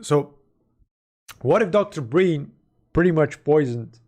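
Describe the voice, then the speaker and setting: A man's voice: a little high, lively intonation, measured pace, a little mellow. A man live-streaming, talking through game lore in a rambling way and correcting himself as he goes. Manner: rambling, self-correcting, speculative. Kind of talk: casual live-stream commentary.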